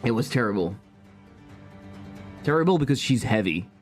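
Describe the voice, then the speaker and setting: Excitable French game-dev streamer. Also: male voice, medium pitch, normal speed, soft background music. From France. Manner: excitable, swears often, self-mocking. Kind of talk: casual live-stream commentary while coding.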